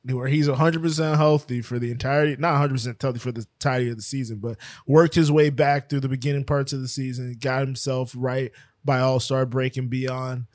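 A man's voice: medium pitch, fairly even intonation, brisk, darkish tone, dry recording, studio quality. A man co-hosting a sports podcast in casual chat, joking, laughing often and restarting his sentences. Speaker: podcast co-host. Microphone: podcast microphone.

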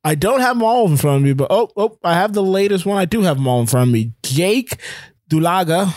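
A young man in loose sports banter, teasing his co-host and pushing back on him. His voice is a touch higher than most men's. The sound is dry, close and free of any room. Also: expressive, a little mellow, dry recording. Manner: teasing, quick to push back. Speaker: podcast co-host. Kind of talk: casual sports chat.

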